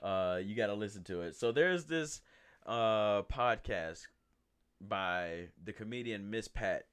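Male podcast host, low-ish voice, easygoing, laughs and swears freely. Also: animated, takes it slowly, fairly bright tone, smooth. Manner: laid-back, laughs often, swears freely. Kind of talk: casual chat.

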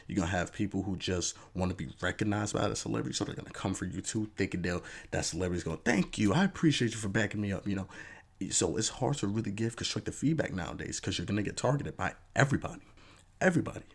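A man hosting a podcast, talking through his take in a casual, animated monologue with lots of "you know" asides. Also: fast, creaky, slightly rough. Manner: animated, acts out fans' voices in a raised pitch. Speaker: podcast host.

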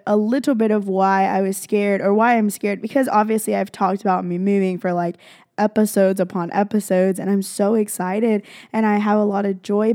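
Young woman, podcast host, gushing rambly chat, lots of vocal fry, dry close mic. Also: medium pitch, a little mellow, dry recording. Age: young adult. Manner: gushing, rambling, heavy on "like" and "freaking". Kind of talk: casual confessional chat.

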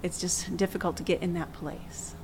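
A woman hosting a faith discussion, speaking calmly and reflectively and reading from scripture. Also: lowish voice, normal speed, slight background noise, rough recording. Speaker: podcast host.

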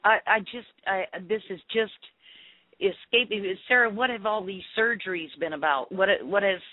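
Man, radio host, halting, restarts, dry tinny sound. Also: sits high, dry recording. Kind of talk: phone-in radio interview.

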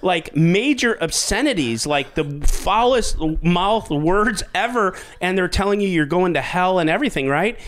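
A man's voice: high-pitched, normal speed, hardly any pauses, a little hiss or hum. A man hosting a podcast, telling a story in casual chat with lots of swearing and laughter. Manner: animated, swearing, laughs at his own story. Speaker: podcast host.

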